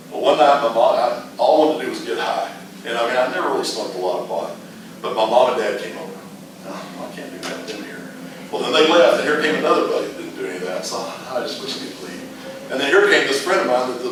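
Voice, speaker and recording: A middle-aged man teaching a casual Bible class, rambling through stories with frequent restarts. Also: mid-range voice. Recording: echoey room, mic far off, noisy.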